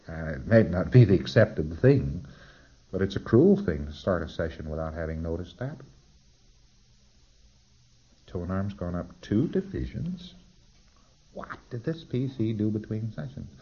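A man with a fairly low voice delivers a lecture, explaining procedure step by step and slipping into acted-out exchanges. The tape is dull and lo-fi, with the upper frequencies muffled. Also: husky. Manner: explanatory, acts out dialogues. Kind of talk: recorded lecture.

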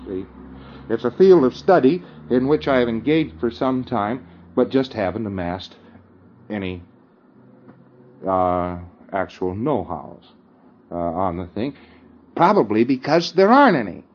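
A man's voice: medium pitch, animated, measured pace, long pauses, highs cut off, a little hiss or hum. A man giving an informal lecture, often chuckling and checking that his listeners follow him. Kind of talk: conversational lecture.

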